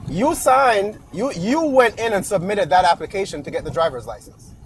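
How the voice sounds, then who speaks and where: Guy with a high voice telling stories from his own life, does the voices, faint noise behind. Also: normal speed, poor audio. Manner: animated, acts out both sides of stories. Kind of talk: casual debate, telling personal experience.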